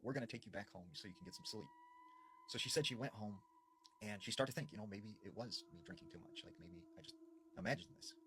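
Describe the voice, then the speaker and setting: A man's voice: mid-range voice, huge pitch swings, fast, bright, forceful tone, slight background noise. A man casually retelling true horror stories as a storyteller, in a chatty style full of fillers.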